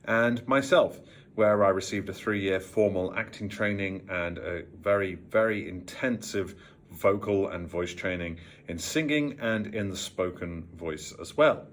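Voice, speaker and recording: A British man with a very low voice and a neutral, trained accent, explaining voice work in a measured, carefully articulated way. He sounds a little tired, with a touch of vocal fry in his delivery. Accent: trained neutral British English. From Worcestershire, England. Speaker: voice coach. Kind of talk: talking-head vocal lesson.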